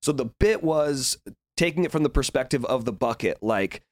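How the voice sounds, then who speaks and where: A man's voice: medium pitch, moderate pace, no echo. A man in his thirties, a podcast guest, telling stories in a casual interview with frequent laughs and acted-out voices. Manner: animated storyteller, laughs often, acts out voices.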